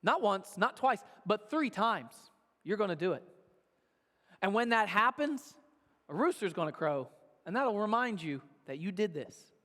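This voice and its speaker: Jesus, hushed and grave, as a preacher puts him on. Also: male voice, high-pitched, sing-song, a little slow, exaggerated voice. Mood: solemn. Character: solemn, troubled male teacher Jesus. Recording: long hall reverb.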